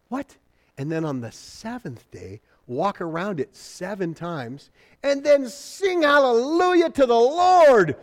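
A male pastor preaching a sermon, animated and acting out the people in his story, swinging between loud exclaiming and quiet, low asides.

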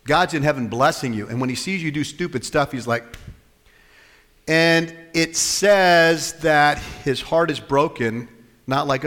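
A man preaching a sermon as pastor, animated, swinging between loud and soft and acting out the quotes he tells. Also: fairly high pitch, a little slow. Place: church hall. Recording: long hall reverb.

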